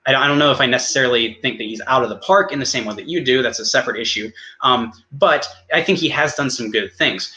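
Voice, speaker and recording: Male debater, bright and sharp, rapid and halting. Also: mid-range voice, rough recording. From United States. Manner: rapid, halting, many restarts. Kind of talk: online debate, cross-examination.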